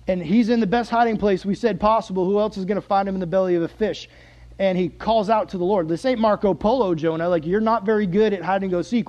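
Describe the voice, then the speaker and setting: Man, high voice, sermon, conversational, joking, soft asides, loud emphatic lines. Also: dull audio. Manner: conversational, joking with the congregation, dramatizing scripture. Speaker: preacher.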